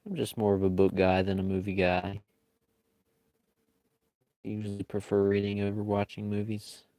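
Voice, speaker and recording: A man with a fairly low voice chats with viewers as he draws. He talks in an unhurried, easygoing way that often rambles. The sound is dry, with almost no room echo. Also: flat delivery, mellow. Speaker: live-stream artist. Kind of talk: casual chat while drawing.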